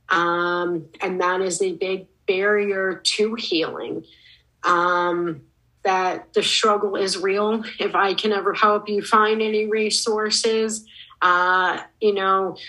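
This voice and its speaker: A woman speaking as a guest on a casual podcast, earnest and encouraging, pausing often with "um". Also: mid-range voice, sharp tone, poor audio. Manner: slow, earnest and encouraging, with many "um"s.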